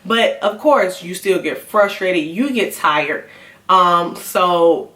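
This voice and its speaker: A woman's voice: fairly low pitch, takes it slowly, fairly bright tone. A young woman, a mother telling a candid personal story on her vlog in a conversational, confessional way. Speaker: mom vlogger. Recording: roomy, a bit far from the mic.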